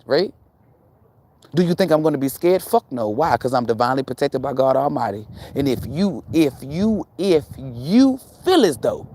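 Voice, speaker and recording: A woman's voice: sits low, dark tone, slight background noise. Emphatic swearing woman preaching to viewers. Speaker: spiritual channel host. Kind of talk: profane spiritual rant to camera.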